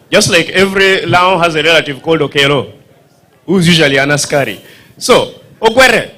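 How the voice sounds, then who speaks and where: A man's voice: on the high side, bright, forceful tone. A man with a Ugandan accent, doing stand-up comedy storytelling at a dinner event, acting out voices and sound effects and quizzing the audience. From northern Uganda.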